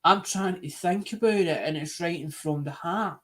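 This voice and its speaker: Scottish man, high voice, casual live stream host, earnest, rambling, repeats himself. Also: normal speed, fairly bright tone.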